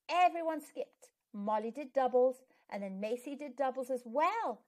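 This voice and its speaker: A woman hosting a storytime channel, reading a children's book aloud with expressive storytelling narration. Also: high voice, moderate pace, hardly any pauses.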